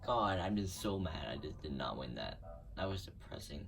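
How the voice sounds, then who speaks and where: A man giving casual commentary over his own gameplay, excitable and prone to groaning and pleading at the game. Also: very deep voice, normal speed, vocal fry, distant mic. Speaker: gaming YouTuber. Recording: voice a bit off-mic over loud game music. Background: video game music.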